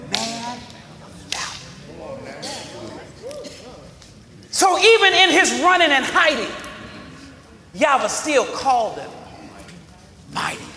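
A man with a very high, bright voice preaches slowly and dramatically, often shouting out to the congregation. His voice rings through a large church hall with long reverb, and a faint crowd sits behind him. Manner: drawn-out, dramatic delivery with call-and-response. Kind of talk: sermon.

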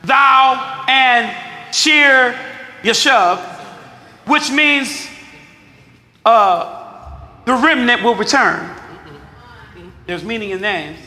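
A male pastor preaching a sermon. He reads scripture, asks the congregation to answer back, and explains it in casual slang, sometimes shouting. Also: extremely high pitch, extremely slow, long pauses. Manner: call-and-response preaching, shouting at peaks. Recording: echoey hall with long reverb.

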